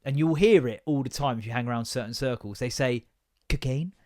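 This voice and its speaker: A man hosting a podcast, telling rambling, sweary stories in an animated, comedic monologue. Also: mid-range voice, fast talker. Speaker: podcast host.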